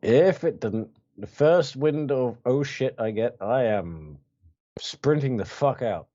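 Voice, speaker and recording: A man's voice: mid-range voice, lively intonation, slow, mellow, dull audio. A man playing a tabletop game, talking in hesitant stops and restarts. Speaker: player.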